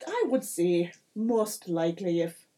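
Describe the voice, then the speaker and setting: A woman voicing a pushy, chatty male small-town mayor with a deliberately bad put-on accent. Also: lowish voice, lively intonation, warm tone.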